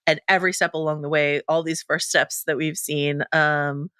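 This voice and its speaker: Bright-voiced playful woman co-host. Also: low-pitched, steady tone, moderate pace, clear, resonant tone, no room sound, clean studio sound. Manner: playful, wordy, many fillers and rambling asides. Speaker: podcast co-host. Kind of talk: casual pop-culture chat.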